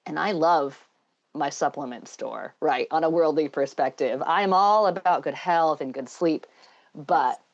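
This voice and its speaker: A woman with a somewhat low voice talks in earnest, thoughtful stretches that wander a little as she goes. The sound is dull and lo-fi, like a remote call. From Scotland. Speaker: podcast guest, engineer and math educator. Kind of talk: casual interview chat.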